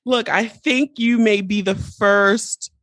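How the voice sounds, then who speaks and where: A woman's voice: medium pitch, slow pace, no room sound, studio quality. A woman hosting a podcast in a casual, playful chat, her voice congested from allergies. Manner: lively, chatty, playful. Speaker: podcast host.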